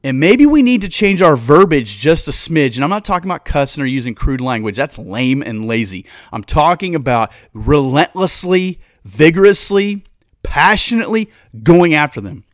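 A man's voice: a little high, very animated, moderate pace, dry recording, studio quality. A man hosting a podcast, preaching with fire and throwing rhetorical questions at his listeners. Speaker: podcast host. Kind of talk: casual podcast monologue.

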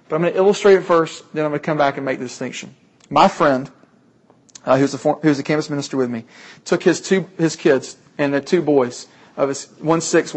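An earnest male preacher, his voice sitting a touch high for a man. He drives his points home by repeating phrases and leaning hard on key words. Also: darkish tone. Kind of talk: sermon.

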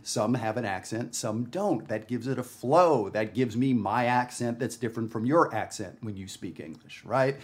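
A man from Canada talks through a jazz lesson to camera. He speaks in a conversational way, stressing his points and checking in with the viewer. His voice sits at a middling pitch. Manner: conversational, emphatic, frequent "right?". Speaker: jazz music teacher. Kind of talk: casual video lesson. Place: home studio with his dog.

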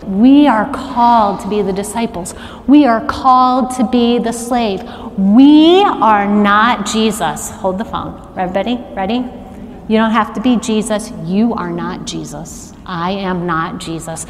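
A middle-aged woman preaching a sermon, animated and asking the congregation to call out answers. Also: mid-range voice, measured pace, slight background noise. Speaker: worship arts director preaching. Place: church sanctuary. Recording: long reverb of a large church hall.

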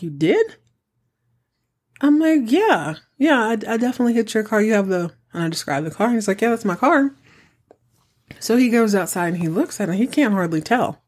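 A middle-aged woman hosting a podcast, telling a story in a chatty, animated way and acting out the dialogue. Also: mid-range voice, husky. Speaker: podcast host. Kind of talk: casual storytelling.

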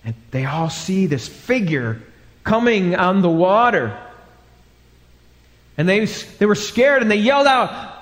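A man's voice: high voice, animated, takes it slowly, pauses often. A male pastor preaching a live sermon, telling a story dramatically and acting out the voices in it. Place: church sanctuary. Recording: live church hall with long reverb.

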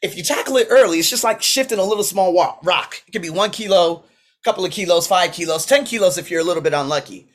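A man hosting his coaching podcast in a motivational preaching mode, swinging between loud declarations and low asides, recorded on a laptop at home while he paces. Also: quick pace. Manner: swearing, talking to himself by name. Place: indoors at home, pacing with a laptop. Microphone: laptop mic.

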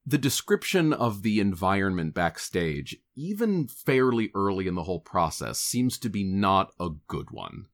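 A man's voice: deep voice, sing-song, normal speed, hardly any pauses. A man co-hosting a podcast, chatting casually in a playful, wry way. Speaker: podcast co-host. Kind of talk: casual chat.

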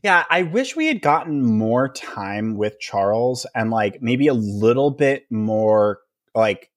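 A man's voice: medium pitch, very animated, takes it slowly. A man co-hosting a podcast, chatting casually about a film, laughing easily and often trailing off mid-thought. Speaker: podcast co-host. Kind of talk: casual chat recapping a film.

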